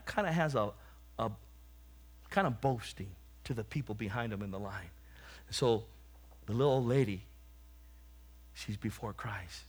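A man's voice: mid-range voice, slightly rough. A man preaching a sermon, telling a humorous story and then exhorting and praying fervently.

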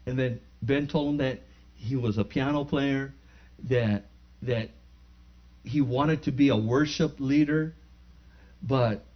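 An older man preaching and telling a family story, with halting restarts that build into loud, excited bursts. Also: mid-range voice, dull audio. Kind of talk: storytelling sermon.

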